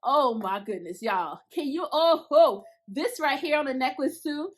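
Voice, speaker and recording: A woman chatting casually to her viewers while unboxing crochet hooks, gushing and excitable, speaking straight to the audience in loose everyday slang. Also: high-pitched, unhurried. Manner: casual Southern-style slang like "y'all" and "I'ma".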